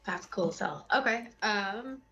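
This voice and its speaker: A woman playing a tabletop game, playful and swearing, quick to laugh. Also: medium pitch, lively intonation, bright, forceful tone, dull audio. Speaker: player. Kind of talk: casual tabletop role-play.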